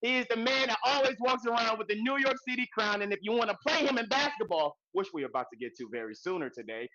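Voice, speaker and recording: A man with a strikingly high voice and a bright, forceful edge, co-hosting a podcast. He talks like a hype man, loud and slangy, throwing in profanity and shouting his introductions. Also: expressive, fast talker, hardly any pauses, muffled recording. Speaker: podcast co-host. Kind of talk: casual podcast chat.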